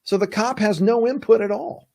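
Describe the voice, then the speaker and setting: A man's voice: high-pitched, moderate pace, vocal fry, darkish tone. A man hosting a podcast as a defense attorney, giving emphatic, folksy advice in a casual monologue. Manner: emphatic, folksy, acts out quoted voices.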